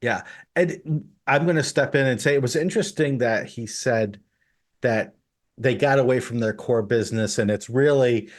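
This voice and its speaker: A man hosting a tabletop gaming podcast, chatting casually and getting animated when incredulous. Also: medium pitch, moderate pace. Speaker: podcast host.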